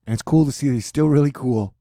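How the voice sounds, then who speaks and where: A man's voice: medium pitch, fast talker, mellow, no echo, studio quality. A middle-aged man from the United States hosting a casual weather video, rambling and joking with lots of fillers. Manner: rambling, jokey, frequent fillers. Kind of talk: rambling casual vlog commentary.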